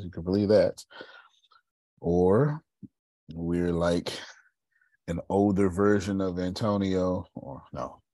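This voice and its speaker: A man's voice: sits low, warm tone, slightly rough, no room sound, clean studio sound. A man from Texas leading a group call, telling stories and preaching motivation with strong emphasis. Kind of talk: motivational talk.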